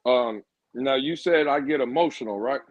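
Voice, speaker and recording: A man's voice: medium pitch, normal speed, no echo, highs cut off. Blunt, joking male co-host. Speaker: podcast co-host. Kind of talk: casual live-stream chat.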